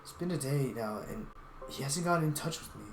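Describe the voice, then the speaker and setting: A man's voice: fairly high pitch, animated, fairly quick, slight background noise. A man streaming a story game, reading its first-person narration aloud in an earnest, reflective way with small restarts. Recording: roomy echo with game music.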